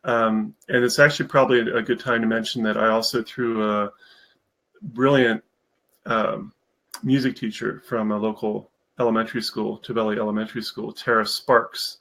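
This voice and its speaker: As a live-stream guest, this man, founder of a mentorship program, rambles eagerly and fills his speech with fillers in a casual interview. His lowish, fairly bright voice has little pitch movement at a normal speed, and the audio quality is poor.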